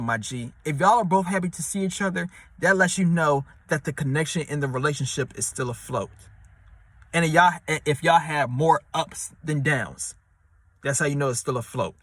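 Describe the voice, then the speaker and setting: A man with a high, bright, slightly rough voice rambles and repeats himself while handing out relationship advice in a casual monologue, like an advice vlogger. His loose, slangy street-talk delivery includes acting out quoted voices in a high pitch. The sound is dry and close, with no room echo.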